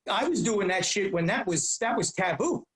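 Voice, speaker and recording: A man in his fifties, a comedian guest telling rambling, animated stories in a casual interview. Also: high-pitched, normal speed, roomy sound, poor audio.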